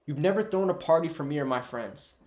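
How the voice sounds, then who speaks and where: A man's voice: fairly high pitch, expressive, fairly quick, a little mellow, echoey room, pitched above the performer's own voice, natural voice. A man voicing a resentful, loyal elder son who complains indignantly.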